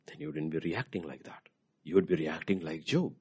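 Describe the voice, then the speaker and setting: A man preaching a sermon in a dramatic way, swinging from loud outbursts to hushed whispers. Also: rumbling low, fairly quick, slightly rough.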